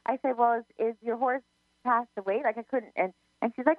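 A woman's voice: fairly high pitch, brisk, no echo. Chatty woman medium on a phone line. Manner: chatty storyteller, many restarts, quotes herself. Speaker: psychic medium, co-host. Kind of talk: casual radio chat. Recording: narrow phone-line sound, dry.

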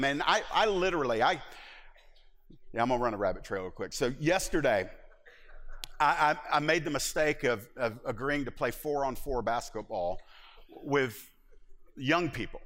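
A middle-aged man preaching a sermon as pastor, telling stories in an animated way with laughs and acted-out asides. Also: on the high side. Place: church sanctuary. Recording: hall reverb from a church.

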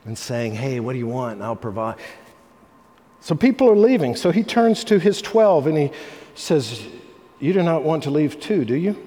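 A male pastor delivering a sermon, swinging between loud, emphatic lines and hushed ones. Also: mid-range voice. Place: church sanctuary. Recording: long reverb of a large hall.

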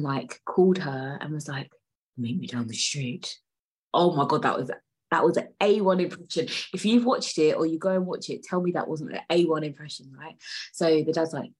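A woman's voice: low-pitched, breathy edge, rough recording. A woman hosting a casual solo podcast, digressing, swearing freely and laughing as she talks. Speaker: podcast host.

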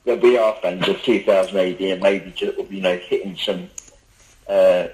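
A man's voice: sits low, steady tone, moderate pace, darkish tone, low-quality recording. A man hosting a podcast interview, asking loose, rambling questions in a casual way. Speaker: podcast host.

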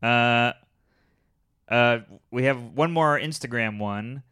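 A man's voice: medium pitch, slow pace, bright, forceful tone, clean tone. A man co-hosting a casual podcast, giving practical advice and teasing his co-host. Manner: offers practical tips, teasing asides. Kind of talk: casual chat.

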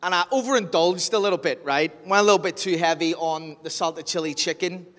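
A man's voice: a little high, fairly quick. A man with a Northern Irish accent preaching a sermon as pastor, telling jokey stories and acting out scenes. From Northern Ireland. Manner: animated storyteller, jokey, acts out scenes. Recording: long hall reverb.

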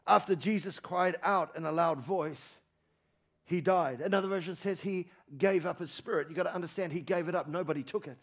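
A man preaching in a church, his voice pitched high with a gravelly, creaky edge. He repeats key phrases and swings from hushed lines to loud calls. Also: a little fast. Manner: emphatic preaching, repeats phrases, rises to shouts and drops low. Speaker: pastor. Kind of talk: sermon. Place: church hall with congregation.

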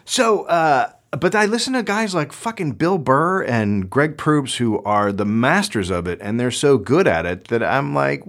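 A man's voice: mid-range voice, expressive, unhurried, hardly any pauses, fairly bright tone. A man hosting a podcast alone, riffing in a profane, sarcastic, rambling comedic monologue into a microphone at home. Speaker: podcast host. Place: home closet studio. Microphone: studio microphone.

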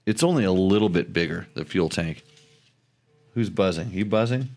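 Low-voiced rambling male podcast host. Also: expressive, darkish tone. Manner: rambling, halting, many restarts. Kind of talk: casual chat about motorcycles.

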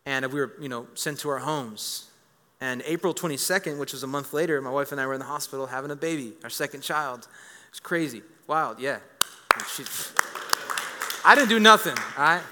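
A man in his thirties preaching a lively sermon as a pastor, joking with the congregation and repeating words as he builds a point. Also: mid-range voice, fairly quick, a little hiss or hum. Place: church. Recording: reverberant church hall.

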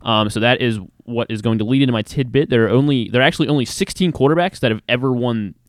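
A man's voice: mid-range voice, fast, no room sound, studio quality. A man co-hosting a sports talk show, reading football stats in an easygoing way. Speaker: sports radio co-host.

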